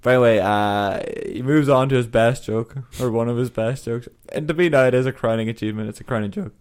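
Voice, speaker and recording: A man's voice: mid-range voice, quick pace, darkish tone, smooth. A man co-hosting a casual podcast chat, telling stories in a rambling way and laughing often. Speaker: podcast co-host.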